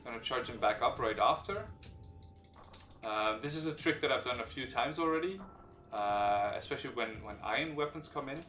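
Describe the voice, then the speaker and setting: A man's voice: mid-range voice, moderate pace. Man explaining a strategy game live. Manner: explains game mechanics while thinking aloud; relaxed, hesitant with many fillers. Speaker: game streamer. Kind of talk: live gameplay commentary. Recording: roomy sound from a distant mic, faint background music.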